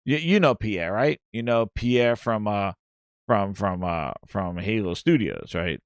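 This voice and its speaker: A man's voice: on the low side, animated, takes it slowly, no room sound, studio quality. A man hosting a gaming news show, rambling and mocking in casual chat, with many restarts. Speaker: gaming podcast host.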